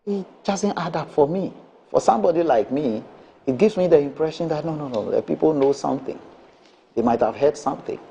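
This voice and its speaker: A man's voice: a little high, a little fast, creaky, mellow, slight background noise. Emphatic man arguing on air. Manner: emphatic, repeats points, rhetorical questions. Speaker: political panelist. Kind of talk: morning show debate. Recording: dull lo-fi broadcast sound.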